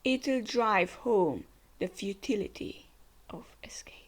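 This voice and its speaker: A woman voicing a sinister old male elder in a hushed, menacing whisper, as a whispered role-play of a comic. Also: medium pitch, lively intonation, slow.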